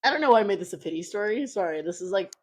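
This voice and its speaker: A woman's voice: medium pitch, racing, husky. A young woman co-hosting a podcast, telling a travel story in casual chat and acting out the quotes. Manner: animated storyteller, acts out quotes. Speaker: podcast co-host.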